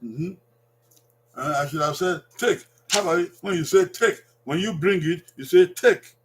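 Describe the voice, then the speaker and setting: A man with a Nigerian accent giving a language lesson, repeating each word slowly and drawing it out for learners. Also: high voice, a little hiss or hum. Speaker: language teacher.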